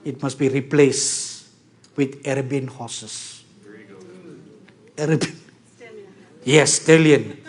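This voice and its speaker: A man's voice: mid-range voice, steady tone, slow, long pauses. A man preaching a sermon to a congregation, stressing his points by repeating key words and asking the audience for agreement.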